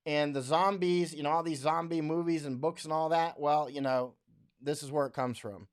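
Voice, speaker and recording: Pitched fairly high with a steady tone and moderate pace, an American man runs a casual livestream, reading viewer comments into a studio mic. He rambles and speaks bluntly, laughing frequently and mimicking people mockingly when he quotes them.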